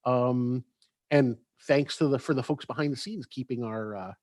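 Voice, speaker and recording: A man's voice: medium pitch, a little mellow, no room sound. A man moderates a panel from a dry, close-sounding spot on a video call. He halts often and stretches out his uhs, and he drops in joking asides. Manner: halting, drawn-out fillers, joking asides. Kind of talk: convention panel discussion.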